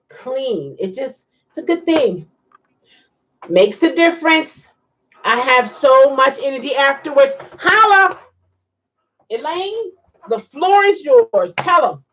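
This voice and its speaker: A woman's voice: high-pitched, big pitch swings, slow pace, muffled recording. A woman hosting a casual livestream, chatting and reacting to viewer comments with frequent laughs. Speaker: livestream host.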